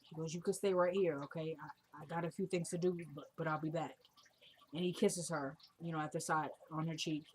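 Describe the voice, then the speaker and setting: A woman's voice: low-pitched, steady tone, fairly quick, a little mellow, a little hiss or hum. A woman casually retelling a TV episode scene by scene, quoting each character's lines in her own voice. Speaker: TV show recapper.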